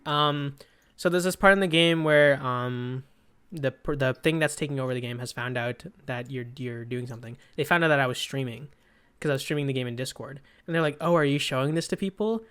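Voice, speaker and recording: A man's voice: medium pitch, fairly quick, a bit bright, clean tone. A young man co-hosting a casual comedy podcast, telling self-deprecating stories in a rambling way, full of fillers. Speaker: podcast co-host.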